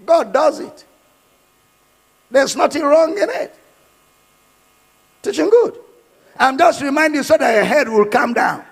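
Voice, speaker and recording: A man's voice: very high-pitched, lively intonation, normal speed, gravelly, a bit bright. A man preaching a sermon in a church, emphatic and given to repeating his points. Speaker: pastor. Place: church hall. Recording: hall reverb.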